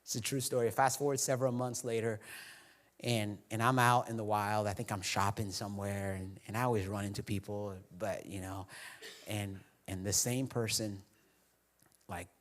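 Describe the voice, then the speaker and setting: Male pastor, middle-aged, lowish voice; chatty storytelling sermon with acted-out dialogue. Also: moderate pace. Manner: animated, confessional, acts out dialogue with whispers and laughs. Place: church auditorium.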